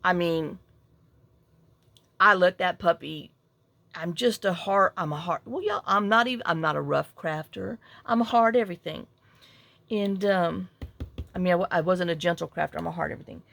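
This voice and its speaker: A woman's voice: lowish voice, normal speed, gravelly, pauses often, a bit bright, no echo. A middle-aged woman, rambling and self-deprecating as she tells a story while crafting at home. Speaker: crafting vlogger.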